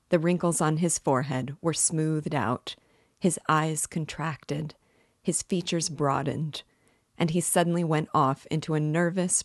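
A woman reading a classic novel aloud in a measured audiobook narration. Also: deep voice, dry recording, clean studio sound. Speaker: audiobook reader and literature guide.

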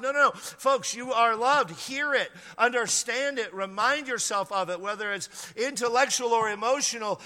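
A middle-aged man preaches with a high, bright voice, repeating phrases and drawing out words for emphasis. His voice echoes through a church sanctuary with a long, lingering reverb. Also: normal speed, hardly any pauses. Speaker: pastor. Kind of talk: sermon.

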